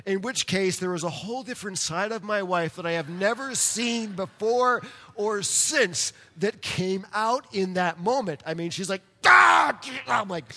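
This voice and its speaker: A man preaching a sermon, telling a personal story in an animated way and speaking directly to his congregation. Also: sits high. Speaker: pastor. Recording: long hall reverb.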